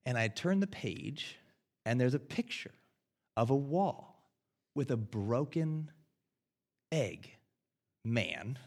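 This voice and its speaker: An American man in his thirties preaching a sermon, earnest and self-deprecating, swinging between loud and hushed. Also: mid-range voice, animated, slow, pauses often. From United States. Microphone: headset.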